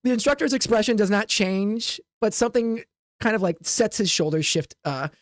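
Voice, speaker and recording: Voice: medium pitch, lively intonation, moderate pace, dry recording. Hesitant game master narrating a tabletop game. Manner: rambling, hesitant, with many "like" and "um".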